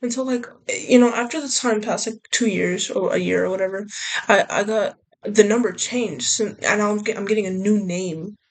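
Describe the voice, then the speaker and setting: A woman's voice: mid-range voice, normal speed. A young woman vlogger rambling casually, often trailing off and restarting her thoughts. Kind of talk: casual chat.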